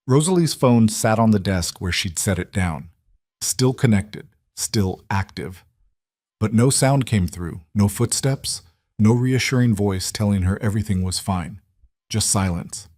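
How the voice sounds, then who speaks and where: A man giving steady, suspenseful scripted narration of a dramatic story. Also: on the low side, a little slow, no echo, clean studio sound.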